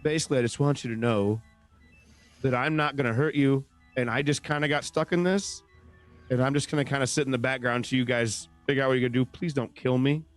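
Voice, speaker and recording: A man's voice: mid-range voice, steady tone, fast, faint music behind. A man playing a tabletop role-playing game in character, earnestly rambling and stumbling over his words. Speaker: player.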